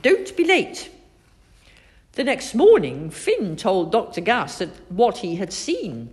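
A woman reading a children's story aloud in an expressive, sing-song way. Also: mid-range voice, a little slow.

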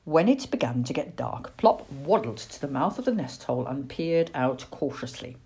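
A woman gently and expressively reading a children's storybook aloud. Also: very deep voice, big pitch swings, normal speed, breathy edge.

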